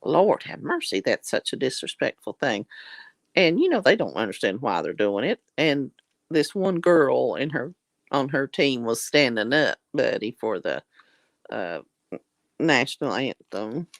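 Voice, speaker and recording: This livestream host, a woman from the Southern United States, talks to her audience with homey warmth, full of "honey" and "bless your heart." She speaks with an extremely low pitch, very animated and a little slow, and the sound is echo-free.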